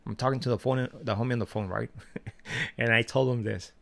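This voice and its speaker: A man with a gravelly, fry-edged voice rants to his channel in a loose, profane way. He tells stories in street slang and laughs often. His pitch sits mid-range for a man. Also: fairly even intonation, normal speed, a bit bright. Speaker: vlogger. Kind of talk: casual rant to camera.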